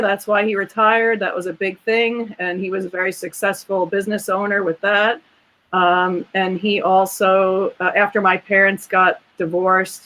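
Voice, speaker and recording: A woman's voice: medium pitch, fairly bright tone, low-quality recording. A woman guest in a casual interview, a veterinarian who talks in an earnest, chatty way and speaks proudly of her family. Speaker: guest, veterinarian and clinic owner.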